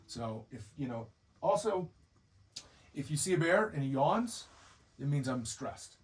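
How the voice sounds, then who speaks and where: A man's voice: a little high, lively intonation, a little slow, far from the mic, low-quality recording. A man giving an informal training lecture to bear viewing staff, explaining behavior and acting out what bears and guides might say. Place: lodge room with a group.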